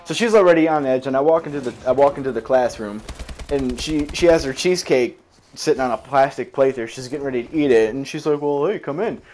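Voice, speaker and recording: A man's voice: medium pitch, fast talker, a little mellow, a little hiss or hum. Rambling, profane young man telling a story. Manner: rambling, profane, self-correcting. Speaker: storyteller recounting a school memory. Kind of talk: casual storytelling vlog.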